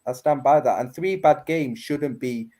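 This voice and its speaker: A man's voice: medium pitch, moderate pace, mellow. A man, arguing his football opinions emphatically in a heated panel debate. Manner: opinionated, emphatic, says innit.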